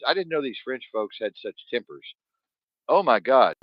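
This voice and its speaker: A man's voice: mid-range voice, sing-song, normal speed, dry recording, muffled recording. Rambling, profane male podcast host. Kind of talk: casual podcast chat.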